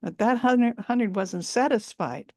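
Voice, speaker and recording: A woman's voice: on the high side, normal speed, a little mellow, no echo, clean studio sound. A woman storyteller telling a folk tale live over a video call, repeating words for emphasis and dwelling on sensory detail.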